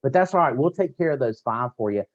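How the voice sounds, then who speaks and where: A man giving an energetic motivational training talk to his sales team, full of repeated slogans and direct coaching. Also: medium pitch, quick pace, dull audio. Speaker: network marketing team trainer.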